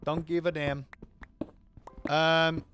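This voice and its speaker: A man's voice: on the high side, little pitch movement, drawn-out words, fairly bright tone. Rambling streamer man with music behind. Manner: rambling, talks to chat, self-interrupting. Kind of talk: casual live-stream chat.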